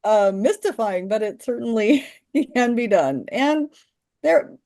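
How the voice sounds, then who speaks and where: Enthusiastic woman literacy trainer, warm mellow tone, rambling delivery. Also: a little high, lively intonation, slow. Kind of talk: training webinar talk.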